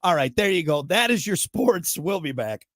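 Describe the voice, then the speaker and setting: A man's voice: sits high, big pitch swings, moderate pace, a bit bright, dry recording. A man hosting a morning show, rambling and joking in casual banter, wired on caffeine. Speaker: show host.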